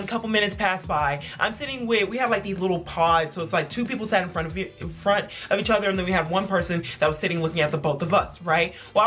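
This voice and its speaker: A young adult vlogger telling childhood stories in casual, animated chat, full of "like". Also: mid-range voice. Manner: animated, filler-heavy with frequent "like". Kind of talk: casual storytelling to camera.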